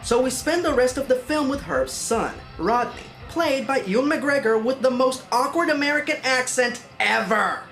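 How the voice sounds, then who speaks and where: A woman's voice: sits high, animated, moderate pace, hardly any pauses, a bit bright, soft background music. A woman narrating a comedic film review in a sarcastic, exasperated manner.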